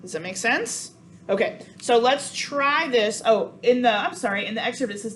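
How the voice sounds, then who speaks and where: A woman's voice: on the high side, normal speed. A woman teaching a cello sectional, counting beats aloud and apologizing often. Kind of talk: coaching a sectional. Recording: noisy room sound.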